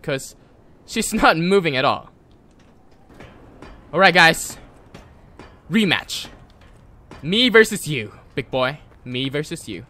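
A man giving casual gameplay commentary, excitable and jokey, talking to the game characters and yelling at sudden moments. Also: on the high side. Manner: jokey, mock-sarcastic. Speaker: gameplay video creator.

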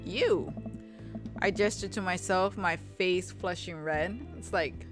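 A young woman casually commenting on a video game as she reads its dialogue aloud, chatty and quick to react. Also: fairly low pitch, fairly even intonation, music in the background. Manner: chatty, reacts with laughs and exclamations. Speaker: let's play gamer.

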